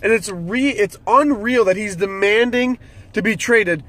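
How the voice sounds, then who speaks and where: High-voiced man on a profane rant. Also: unhurried, a bit bright. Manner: profane, irritated, ranting. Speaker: football fan commentator. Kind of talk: solo sports rant.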